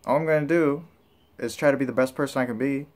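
A man's voice: mid-range voice, fairly even intonation, fast, a little mellow. A man talking casually to camera as a vlogger, rambling and candid with lots of filler words. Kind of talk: casual vlog talk.

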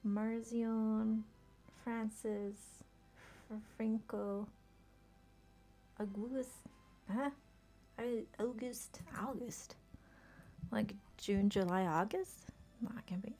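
A woman's voice: a little high, creaky, darkish tone. A young woman streaming herself playing a game, chatting casually and often laughing and muttering to herself. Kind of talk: casual live-stream commentary while playing.

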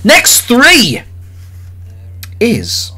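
A man hosting a live card-opening stream, chatting excitedly with viewers and calling out their names. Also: very high-pitched, husky. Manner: excitable, jokey, rapid swings between loud cheers and quiet mutters. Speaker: livestream host opening trading cards.

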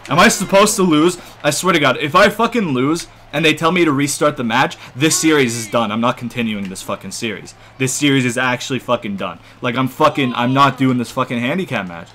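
A man's voice: medium pitch, brisk, hardly any pauses, pushed and bright. A man playing a wrestling video game, ranting and swearing angrily at it as he plays. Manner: angry swearing rants at the game. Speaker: gamer. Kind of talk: let's play commentary.

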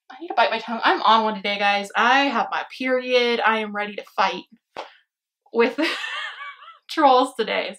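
A woman's voice: a little high, a bit bright. Bubbly young woman chatting to camera. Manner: chatty, bubbly, laughs often, calls viewers babes and loves. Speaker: fashion vlogger. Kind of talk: casual try-on haul chat.

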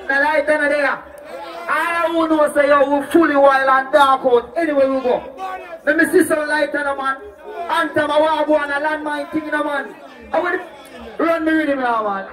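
A Jamaican man performing as a dancehall deejay on a live stage, chanting rhythmic lyrics and shouting to the crowd. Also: very high-pitched. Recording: echoey far-off live stage sound, loud music and crowd.

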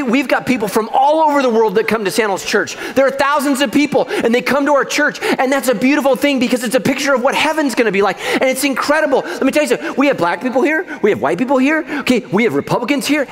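A man's voice: very high-pitched, fairly bright tone, in a large hall, a little hiss or hum. A middle-aged male pastor preaching a sermon in a church, conversational and joking, laughing at his own jokes. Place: church auditorium.

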